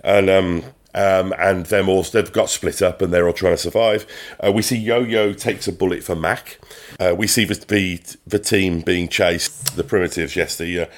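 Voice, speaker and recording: A man co-hosting a podcast, recapping a TV episode in casual chat, rambling with many pauses and restarts. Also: sits low, fairly even intonation. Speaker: podcast co-host.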